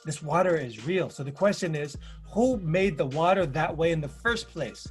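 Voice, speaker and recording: A man's voice: a little high, animated, moderate pace, soft background music. A man giving a presentation, speaking in rhythmic, repeated emphatic phrases and telling stories with acted-out quotes. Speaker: panel presenter. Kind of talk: presentation talk.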